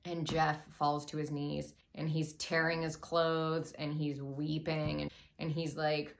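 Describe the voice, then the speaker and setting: A woman with a low voice and a gravelly, fry-filled edge tells an old story as loose, profane comedy. She keeps stuffing "like" into her sentences and sounds a little out of breath between bits. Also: little pitch movement, measured pace, few pauses. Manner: irreverent, profane, lots of "like" fillers. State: a bit out of breath, drinking wine. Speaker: comedy podcast host. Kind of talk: comic casual storytelling.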